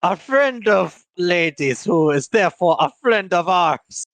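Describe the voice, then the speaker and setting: A game master voicing a solemn older male orc ship captain with a Scottish accent, earnest and booming as he toasts his crew in a tabletop role-play. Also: animated, measured pace, fairly bright tone, dry recording. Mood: rousing.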